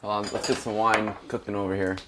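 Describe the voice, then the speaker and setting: A man's voice: on the low side, flat delivery, quick pace, noisy background. A man chiming in with joking banter at a home kitchen cooking stream. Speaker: host's partner, guest on the stream.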